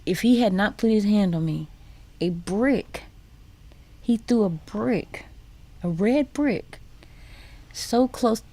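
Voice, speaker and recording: Slow, mellow-voiced woman. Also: medium pitch, lively intonation. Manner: halting, repeats words, drops to whispers. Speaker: guest. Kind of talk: personal testimony in a radio interview. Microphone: studio microphone.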